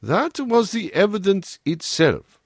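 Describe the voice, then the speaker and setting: A man voicing a sharp-minded, calm male detective who reasons aloud in a measured, lecturing way. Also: high voice, no room sound, clean studio sound, voice pushed up, full character voice. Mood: reasoning. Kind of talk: audiobook character reading.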